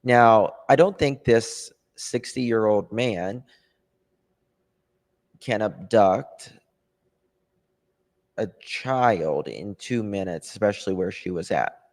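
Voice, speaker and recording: Slow, low-voiced man thinking aloud. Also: expressive. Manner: thinks aloud, reads and answers viewer comments; hesitant, with many ums and trailing pauses. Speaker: true crime channel host. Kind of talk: casual livestream chat about a case.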